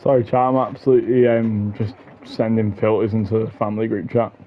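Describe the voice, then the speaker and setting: A man chatting casually as a race commentator on a stream, easily excited. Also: on the low side, fairly quick, dull audio, a little hiss or hum.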